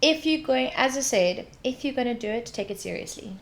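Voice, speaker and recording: A woman guest in a casual interview, telling animated stories, swearing freely and acting out what others said. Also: high voice, a little fast, creaky. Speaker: hospitality guest.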